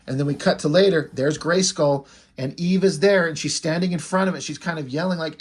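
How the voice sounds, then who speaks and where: A man talking through his comic's story in a loose, rambling recap. His voice is husky and pitched a little above the usual for a man. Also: fairly quick. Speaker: fan comic creator.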